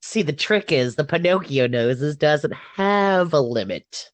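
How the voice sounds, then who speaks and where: A man co-hosting a podcast in casual banter, throwing in jokes and quick quips. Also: fairly high pitch, animated, dry recording. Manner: joking asides, quick quips. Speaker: podcast co-host.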